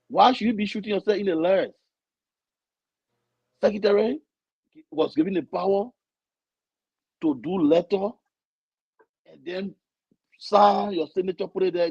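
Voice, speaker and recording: Man, talk show guest, husky, higher voice, muffled dry recording. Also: dry recording. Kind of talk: casual talk show discussion.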